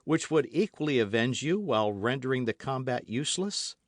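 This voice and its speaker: A man's voice: medium pitch, animated, fairly quick, no echo, studio quality, voice pushed up, lightly acted. A man reading an audiobook, voicing a gallant, ardent young swordsman in an earnest, caressing manner.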